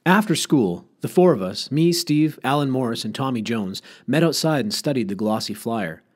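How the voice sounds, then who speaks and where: A man narrating an audiobook chapter with expressive storytelling. His voice sits in a middle register and moves with lively pitch swings. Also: moderate pace. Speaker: audiobook reader.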